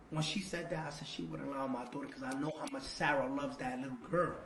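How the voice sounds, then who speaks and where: A man telling a long story as an interview guest, animated and repeating words as he acts out what people said. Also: fairly high pitch, fast talker, hardly any pauses. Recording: echoey room with faint noise.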